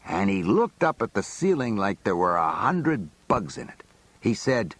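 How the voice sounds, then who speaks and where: Male memoir narrator, husky, animated, streetwise. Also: lowish voice, unhurried, no echo. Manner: colloquial, streetwise storytelling. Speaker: audiobook narrator. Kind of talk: first-person memoir narration.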